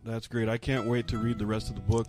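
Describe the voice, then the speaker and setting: A man in casual family conversation, speaking in a halting way with restarts. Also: lowish voice, little pitch movement, over music. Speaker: pastor.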